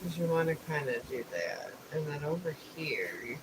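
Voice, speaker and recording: Just woken up, a live streamer chats casually while painting, thinking aloud and explaining the art supplies step by step. The voice is mid-range at a moderate pace, with steady background noise.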